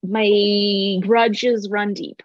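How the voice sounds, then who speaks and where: A woman co-hosts a podcast over a video call and airs her opinions playfully. Her voice comes through muffled and dry, with no room sound. Her pitch is ordinary for a woman. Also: little pitch movement, very slow, no echo. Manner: playful, opinionated, laughs easily. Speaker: podcast co-host. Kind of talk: casual podcast chat.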